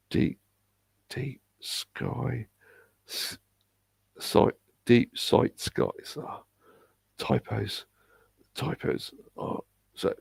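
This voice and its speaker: A man with a Bristol English accent, hosting a live stream and reading out viewer comments in a hesitant, halting way with frequent restarts. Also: lowish voice, vocal fry, no echo. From England.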